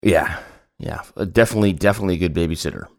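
A man with a very low, early-morning voice hosts a casual podcast chat. He jokes and teases his co-host. The recording is close and dry, with no room sound. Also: racing, creaky, no room sound. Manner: joking, teasing banter.

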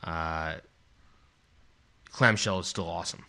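A Canadian man with a slightly low voice hosts a podcast in loose, casual chat. He rambles and restarts his sentences often. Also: takes it slowly, sharp tone. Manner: rambling, with many restarts and fillers. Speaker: podcast host.

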